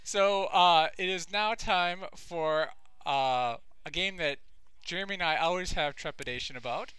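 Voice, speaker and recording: A man's voice: a little high, a little slow, pushed and bright, clear, resonant tone, no echo. A man hosting a podcast and delivering a profane, exasperated comedic rant. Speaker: podcast host.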